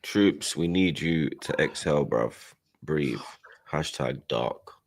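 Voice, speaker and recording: A man in casual football banter, teasing and slangy, shouting out viewers from the chat. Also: rumbling low, animated, slow pace. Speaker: football fan panelist.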